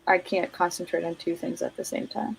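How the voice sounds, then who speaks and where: Storytelling teacher from New Jersey. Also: female voice, on the low side, gravelly, a little hiss or hum, rough recording. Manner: animated storyteller, quick self-conscious laughs. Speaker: teacher and guest. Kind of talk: casual chat.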